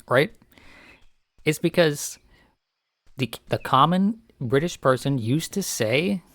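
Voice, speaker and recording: Gravelly American man rambling while gaming. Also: mid-range voice, no room sound. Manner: rambling, opinionated. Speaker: streamer. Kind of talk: casual gameplay chat.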